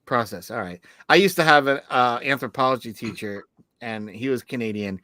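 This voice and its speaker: A man's voice: mid-range voice, a little fast, sharp tone, dry recording. A middle-aged man co-hosting a podcast, rambling through casual stories with many restarts. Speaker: podcast co-host.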